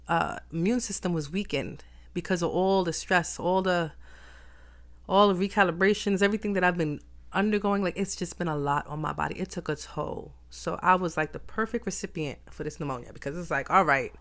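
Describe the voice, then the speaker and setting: Emphatic woman vlogger, low-pitched voice. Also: a bit bright. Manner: emphatic, repeats phrases for stress. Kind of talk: reflective personal vlog.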